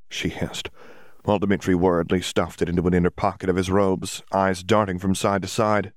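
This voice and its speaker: A man narrating a story in a steady, even reading manner. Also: low-pitched, moderate pace, no echo, clean studio sound.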